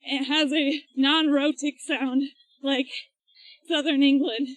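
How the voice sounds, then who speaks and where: Woman podcast co-host, high voice, dry close sound, chatty explainer recorded on a run. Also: little pitch movement, takes it slowly, no echo, low-quality recording. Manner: chatty, explains at length with laughs. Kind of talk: casual chat while running. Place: outdoors, on a run.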